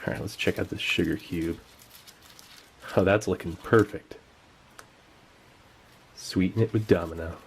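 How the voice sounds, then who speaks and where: A man's voice: low voice, steady tone, measured pace, gravelly, long pauses, slight background noise. A man giving casual, enthusiastic commentary while tasting old rations, sometimes talking with his mouth full. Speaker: food tasting vlogger.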